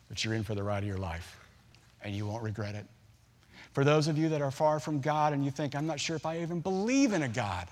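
A man in his forties preaching a sermon, telling a family story with lively acted-out voices. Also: fairly high pitch. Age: 40s. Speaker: pastor. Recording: long hall reverb.

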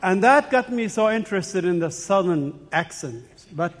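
A guest preacher from the Middle East, a man with a fairly high voice, speaking earnestly to a congregation. He mixes personal stories with urgent calls to prayer. His voice rings with the long reverb of a big church hall. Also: lively intonation, unhurried. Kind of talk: sermon with anecdotes. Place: church sanctuary.

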